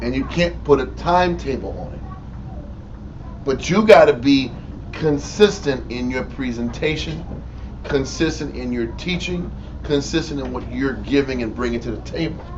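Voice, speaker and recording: A man with a Texas accent, teaching the Bible informally in an animated, profane way and mimicking people. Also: mid-range voice, moderate pace. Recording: lo-fi room recording from a distance with faint noise.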